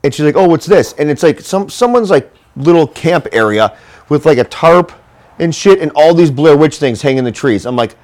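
A man's voice: on the high side, lively intonation, normal speed, darkish tone. A man in casual chat, telling a long, rambling, profane story full of "like" fillers.

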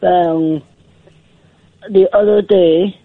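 High-voiced Scottish caller on a phone line. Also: male voice, fairly even intonation, gravelly, dry recording. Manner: hesitant, halting.

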